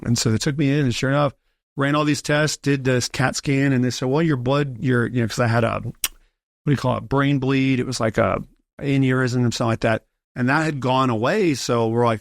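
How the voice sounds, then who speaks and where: A man guest on a podcast telling a long personal story in a casual, animated way, acting out the voices of the people in it. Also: mid-range voice, brisk, no room sound, studio quality. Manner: animated, acts out quoted voices in his story.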